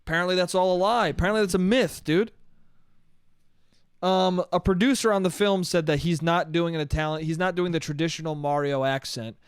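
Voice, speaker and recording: A man's voice: high voice, fairly quick, clear, resonant tone, no echo, studio quality. A young man ranting on his own comedy podcast, rambling and swearing, with "dude" thrown in often. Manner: profane, rambling, says "dude" a lot. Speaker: podcast host. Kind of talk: solo comedic podcast rant.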